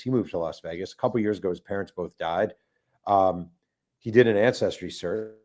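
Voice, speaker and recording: Middle-aged male author guest, low voice, lively storyteller who acts out quotes. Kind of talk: casual storytelling interview.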